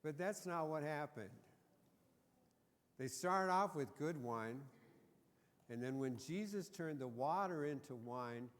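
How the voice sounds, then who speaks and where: Joking pastor in a reverberant church. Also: male voice, on the high side, lively intonation, slow pace, pauses often. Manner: joking, conversational storytelling. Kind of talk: sermon. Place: church sanctuary.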